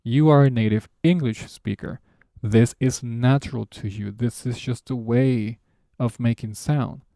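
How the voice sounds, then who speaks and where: A man's voice: mid-range voice, fairly even intonation, measured pace, mellow, dry recording, clean studio sound. A man whose first language is Spanish, hosting and teaching a casual video lesson with joking, sarcastic asides. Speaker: language teacher and channel host.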